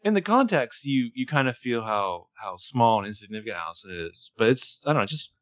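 A man's voice: medium pitch, very animated, brisk, fairly bright tone. A man co-hosting a podcast who talks thoughtfully about camera shots and scenes in a casual chat. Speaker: podcast co-host.

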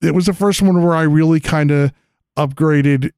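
A man's voice: on the high side, steady tone, moderate pace, a little mellow, smooth, dry recording. A man, the show's creator and former host, chatting enthusiastically in a casual studio conversation. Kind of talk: casual chat. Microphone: studio mic.

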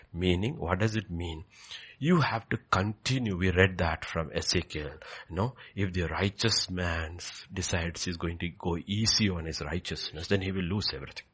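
A male pastor preaching a sermon, emphatic and repeating key phrases, swinging between loud declarations and quiet, low passages. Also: normal speed, breathy edge.

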